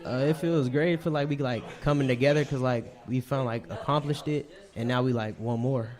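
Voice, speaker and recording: A young man, a high school football player, giving brief mumbled answers in an interview. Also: steady tone, fairly quick, darkish tone. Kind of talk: casual interview.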